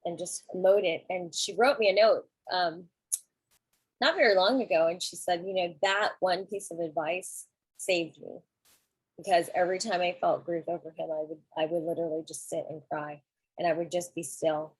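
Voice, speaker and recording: Soft, husky middle-aged woman. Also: on the low side, steady tone, moderate pace, dry recording, poor audio. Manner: gentle, reflective, soft-spoken. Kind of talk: candid conversation about grief.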